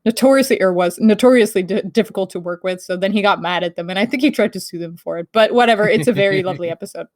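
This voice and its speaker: A woman co-hosting a casual podcast chat, talking in a lively, quick way, laughing and swearing casually. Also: mid-range voice, dry recording, studio quality. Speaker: podcast co-host.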